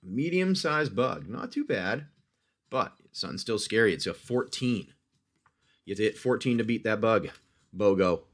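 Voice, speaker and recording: Man, livestream host, low voice, chatty, game narration, reacts to dice rolls. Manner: chatty, addresses the player as "my friend"; talks through dice rolls, reacts loudly to hits.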